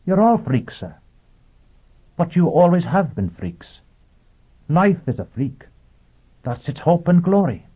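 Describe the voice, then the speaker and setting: A man's voice: on the high side, very animated, takes it slowly, pauses often, breathy edge, pitched above the performer's own voice, exaggerated voice. A man voicing a cheerful, polite male bartender robot that lectures serenely. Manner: politely beaming, preachy. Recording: tinny phone-like audio.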